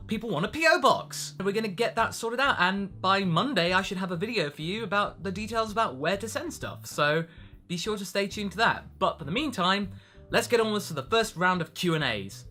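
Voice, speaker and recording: British guy, casual vlog host, very animated and bright, chatty with a self-mocking streak. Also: high voice. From Britain. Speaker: voice actor answering fan questions.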